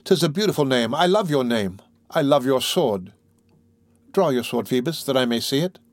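A man's voice: medium pitch, animated, moderate pace, no echo, studio quality, lightly acted. A man reading aloud, voicing an innocent, adoring young gypsy girl in a raised, tender voice for an audiobook.

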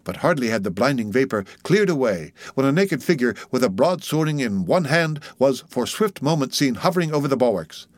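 A man's voice: mid-range voice, big pitch swings, no echo. Man narrating a classic sea story. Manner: measured, dramatic storytelling. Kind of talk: audiobook narration of a classic novel.

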